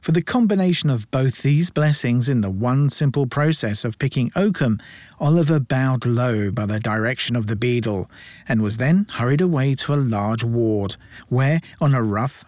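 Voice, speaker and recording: A man reads a classic novel aloud at a measured pace with a gently ironic touch. His voice sits at an ordinary middle pitch, and the recording is dry and close with no room sound. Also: no room sound. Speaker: audiobook narrator. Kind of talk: scripted narration.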